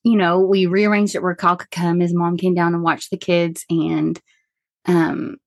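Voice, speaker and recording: A woman's voice: on the low side, moderate pace, no echo. Chatty woman telling her story. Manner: chatty, animated, full of fillers and laughs. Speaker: guest, licensed counselor. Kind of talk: personal storytelling in a podcast interview.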